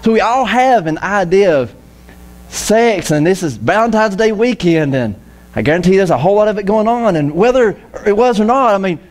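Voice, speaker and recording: Male pastor, casual church sermon, animated and joking, voice a touch high. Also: moderate pace. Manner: lively, jokey, acts out quoted voices. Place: church auditorium.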